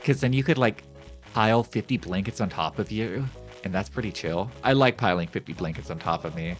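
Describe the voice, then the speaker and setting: With faint music behind him, a man with a voice on the low side talks a little fast as he streams a game. He offers casual, joking commentary, rambles, reads the game's text out loud, and repeats phrases in changing voices.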